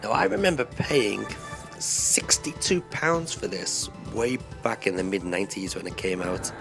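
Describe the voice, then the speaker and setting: A man giving a relaxed, rambling voice-over commentary on a retro game, with lots of filler words. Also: lowish voice, unhurried, creaky. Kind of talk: casual gameplay commentary voice-over. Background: game music.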